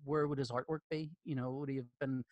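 A man's voice: medium pitch, fast, no room sound, muffled recording. A man in his fifties with a Northern Irish accent, a podcast guest telling jokey stories in casual chat. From Northern Ireland. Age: 50s. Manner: animated, jokey storyteller who breaks into laughter. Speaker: podcast guest, comics artist.

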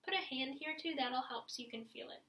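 In an instructional video, a woman teaches a clarinet lesson, encouraging her students and walking them step by step through stretches and breathing, with audible breaths and sighs as she demonstrates. Her voice is high, brisk and a bit bright. The recording is rough, with an echoey room and slight background noise.

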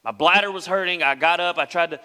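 A young man with a bright, forceful voice, telling a story from the pulpit. He speaks a little high for a man and acts out the other people in his story as he goes. His voice carries with a long ring through the church hall. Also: quick pace, clear, resonant tone. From West Tennessee. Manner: animated storyteller acting out quoted voices. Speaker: pastor. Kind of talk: sermon storytelling. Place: church sanctuary.

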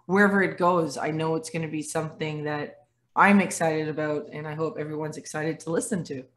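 A woman's voice: low-pitched, fairly quick, a little hiss or hum. A woman in her forties from Dominica who grew up in Canada, talking as a guest on a video call and acting out the voices in her stories. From Dominica, raised in Canada. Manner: animated storyteller, acts out quoted voices, laughs often. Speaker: guest speaker, former athlete.

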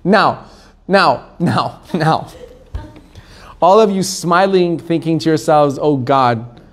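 A man, a rabbi, teaching a Torah class to a live audience, animated, asking the room questions and laughing often. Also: fairly high pitch, takes it slowly.

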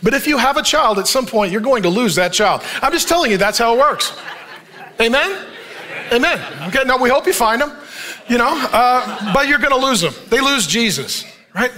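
High, bright-voiced joking pastor. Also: male voice. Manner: conversational and joking, asks the crowd "Amen?"; reads scripture at a slow, even pace. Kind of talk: sermon with scripture reading.

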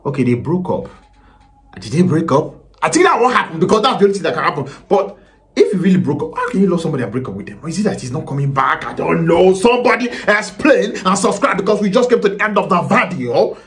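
A man's voice: a little high, fast talker. A young Nigerian man with a Nigerian accent, hosting a casual reaction video and asking viewers lots of questions. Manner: animated, asks the viewers many questions, swears now and then. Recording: loud music under the voice. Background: song playing loudly.

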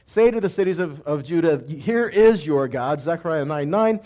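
Man, high voice, teaching sermon, asks and answers own questions, loud cries and quiet asides. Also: animated, moderate pace. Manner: asks the audience questions and answers them himself. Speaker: messianic teacher.

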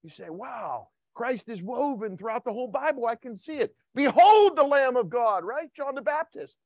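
A man preaching a Wednesday night sermon who acts out voices and shouts for effect. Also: very high-pitched, expressive, normal speed, no room sound. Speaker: pastor.

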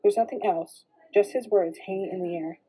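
A woman reading a novel aloud in steady first-person narration. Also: mid-range voice, moderate pace, low-quality recording. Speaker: reader.

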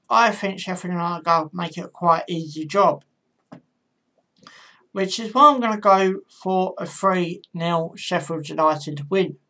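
A woman's voice: on the low side, bright, forceful tone. A woman hosting her own football channel, talking through match predictions in a casual, hesitant way with frequent ums and self-corrections. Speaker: football pundit channel host.

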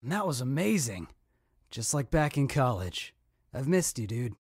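Casting: a friendly bro pal, bouncy pitch, dry close sound. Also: male voice, very animated, moderate pace, husky, no echo. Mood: upbeat. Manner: upbeat, bro-ish encouragement.

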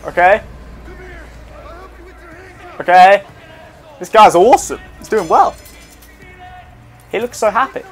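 Excitable, jokey young man gaming. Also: high-pitched, slow pace, long pauses, soft background music. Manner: excitable, jokey, swears, talks to himself. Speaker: gameplay commentator. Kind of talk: casual let's play commentary.

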